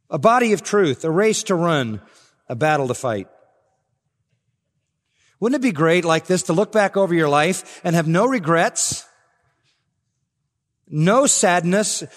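An older man preaching an expository sermon as pastor, rising to emphatic swells. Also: a little high. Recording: long reverb of a large hall.

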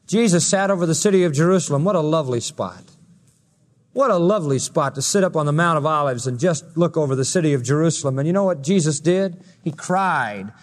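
Male pastor, emphatic sermon, high voice, echo of a church hall. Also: expressive, a little fast. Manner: emphatic, rising and falling preaching delivery. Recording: long reverb of a hall.

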